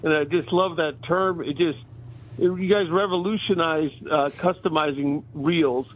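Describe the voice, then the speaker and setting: A man calling in to a radio show, asking a question in a halting way with many restarts, heard over the phone. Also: fairly high pitch, fairly even intonation. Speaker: caller. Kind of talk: call-in question. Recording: tinny phone line.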